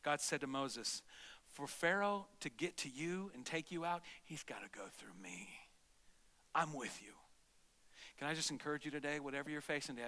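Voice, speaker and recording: A middle-aged man preaching a sermon as pastor, animated, swinging between loud exclamations and soft, low asides. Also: normal speed. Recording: long reverb of a large hall.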